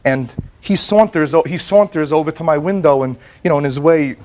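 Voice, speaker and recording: Animated American man telling his story. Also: fairly high pitch, brisk. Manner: animated storytelling with repeated words and quoted voices. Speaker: plaintiff. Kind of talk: courtroom testimony.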